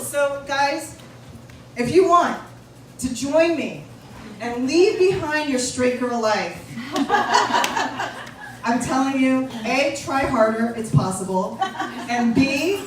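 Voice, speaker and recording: Animated woman doing stand-up in an echoey room. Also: sits high, slow pace, pauses often. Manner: playful, teasing crowd work with big animated swings. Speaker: stand-up comedian. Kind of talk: stand-up comedy set. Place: small coffee shop with a live audience. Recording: echoey room taped from far off with noise.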